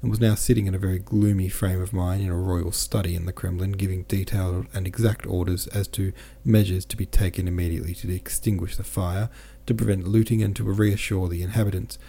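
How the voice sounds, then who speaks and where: Deep-voiced man narrating an audiobook. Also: creaky, breathy edge. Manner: steady, measured, descriptive. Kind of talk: audiobook reading.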